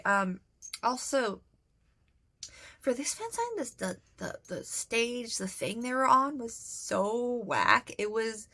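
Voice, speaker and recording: Young woman, casual vlog storytelling, rambling, giggly, restarts, animated pitch. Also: gravelly. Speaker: vlogger.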